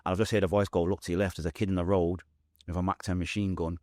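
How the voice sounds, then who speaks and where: A young adult man with a Manchester accent, telling his own story as a podcast guest, fast and vivid, acting out what people said. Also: sits low, level tone, darkish tone, dry recording, clean studio sound. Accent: Mancunian English. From Manchester, England.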